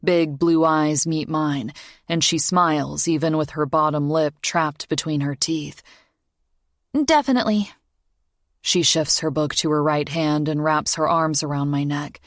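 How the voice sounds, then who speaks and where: A woman narrating a romance audiobook in a measured, intimate first-person reading. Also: sits low, flat delivery, no room sound, clean studio sound. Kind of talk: scripted narration.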